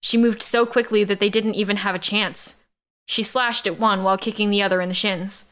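This first-person science-fiction romance audiobook is narrated by a woman whose mid-range voice moves fairly quickly, keeping the telling steady and even throughout.

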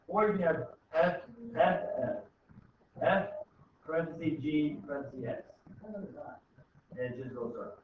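A man teaches a high school math lesson in a loose, informal way, checking in with the class constantly. His voice sits a little high. The sound is tinny and distant, caught from across an echoey classroom. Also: a little hiss or hum. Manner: informal, repeats "okay?" to check understanding. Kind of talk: classroom lecture. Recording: echoey room, tinny far-off mic.

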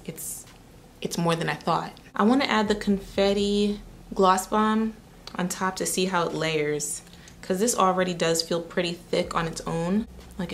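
Casual sassy girl reviewing lip gloss at home, lowish voice, light background hiss. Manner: chatty, animated, sassy asides. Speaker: beauty vlogger.

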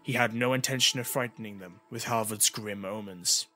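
Bright-voiced male audiobook narrator. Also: on the low side, normal speed, hardly any pauses, no room sound. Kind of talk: scripted narration.

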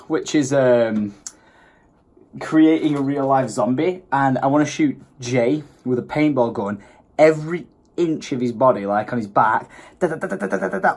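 A husky-voiced man talks straight to camera in a loose, rambling vlog. He sounds worn out and pokes fun at himself as he goes. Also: mid-range voice, a little mellow. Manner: rambling, self-mocking, tired. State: tired. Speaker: vlogger. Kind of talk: casual vlog chat.

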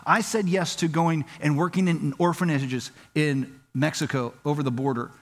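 Animated male pastor in a reverberant church. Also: moderate pace. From Southern California. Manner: animated storytelling, acts out quoted dialogue with rising pitch. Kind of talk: sermon. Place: church sanctuary.

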